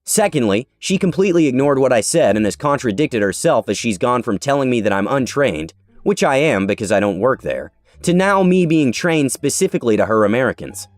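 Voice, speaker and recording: A man narrating an online story in a scripted, sarcastic and animated way. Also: mid-range voice, a little fast, hardly any pauses, no room sound. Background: faint background music.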